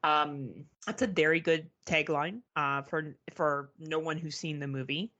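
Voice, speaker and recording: Canadian woman cohosting a movie podcast, lowish voice but really bright, blunt and swears a lot. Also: a little slow, lo-fi sound. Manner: frank, profane, laughs often. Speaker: podcast co-host. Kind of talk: casual chat.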